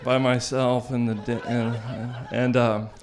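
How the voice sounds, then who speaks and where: Man, storyteller, wry, animated, laughing delivery, mid-pitched voice. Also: takes it slowly, noisy background. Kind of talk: live personal storytelling.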